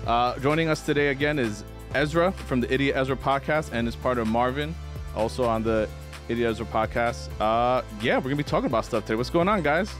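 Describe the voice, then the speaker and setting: A man's voice: mid-range voice, a little fast. Young male host, easygoing chat over faint background music. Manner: laid-back, laughs often, filler-heavy. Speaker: podcast host. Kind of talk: casual chat.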